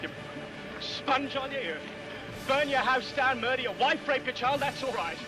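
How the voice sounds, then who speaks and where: A man's voice: very high-pitched, unhurried, distant mic, over music. An actor playing an exasperated man who refuses a drink and launches into a sarcastic, indignant rant, in old film dialogue.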